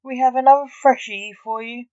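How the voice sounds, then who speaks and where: A woman's voice: a little high, fairly even intonation, moderate pace, darkish tone, clear, resonant tone, dry recording, lo-fi sound, voice pushed up, close to an everyday voice. A woman voicing a curt, businesslike male hospital orderly in a storybook reading.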